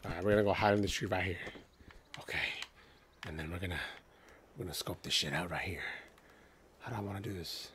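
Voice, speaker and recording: A man casually commentating a video game playthrough, excitable and joking, swearing often and singing bits to himself. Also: low voice, quick pace, long pauses, slight background noise. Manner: excitable, swearing, jokey, sings snippets. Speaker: gaming channel host. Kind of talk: let's play commentary.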